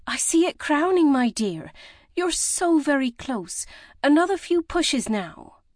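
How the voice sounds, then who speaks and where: Woman narrator voicing a gentle, urging midwife for an audiobook, close and dry. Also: very animated, measured pace, no room sound. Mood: coaxing. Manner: high, coaxing and gentle. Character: kindly old village midwife, tender and urging.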